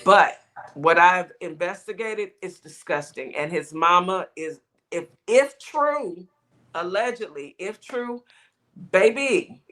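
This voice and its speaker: A woman hosts a casual morning talk show with a sassy, chatty way of talking. Her voice is bright and cutting. She laughs often as she gossips with her guests. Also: fairly low pitch, expressive, slow. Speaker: show host.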